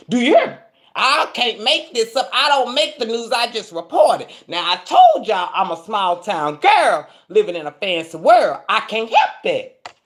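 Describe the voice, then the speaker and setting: A woman from Texas, talking to camera as a self-styled judge and repeating "do you hear me?". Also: fairly high pitch. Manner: animated, repeats "do you hear me?", mock courtroom sentencing. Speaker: vlogger playing a judge. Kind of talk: casual monologue to camera.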